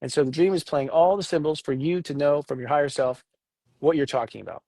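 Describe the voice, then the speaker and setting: A man co-hosting a casual spiritual talk about astrology, animated and joking. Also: quick pace, creaky, slightly rough, no room sound. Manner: animated, jokes, acts out voices with big pitch jumps. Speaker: astrology show co-host.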